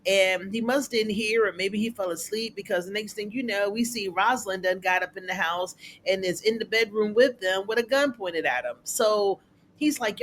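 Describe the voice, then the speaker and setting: A TV recap reviewer who chats casually through an episode. They talk in a loose, colloquial way and jump up in pitch when acting out the characters' lines. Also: normal speed, a bit bright, slight background noise. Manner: chatty, colloquial, acts out characters' lines in a raised voice.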